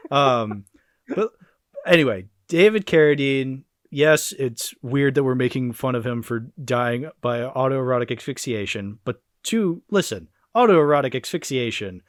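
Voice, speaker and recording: A man's voice: medium pitch, animated, a little slow, no room sound, clean studio sound. A man hosting a casual movie podcast, loose and profane, laughing often and launching into playful rants. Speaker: podcast host.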